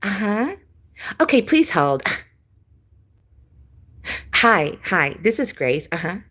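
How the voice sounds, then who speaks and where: A woman's voice: mid-range voice, sing-song, slow, fairly bright tone, voice pushed up, exaggerated voice. A woman mimicking a ditzy, bored woman answering phones, in a mocking sing-song voice.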